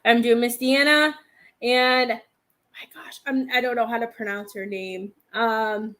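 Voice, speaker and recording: A woman's voice: on the high side, steady tone, slow pace, a bit bright. A woman hosting a live-stream psychic reading, hesitant and thinking aloud as she speaks to viewers by name. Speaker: psychic medium host.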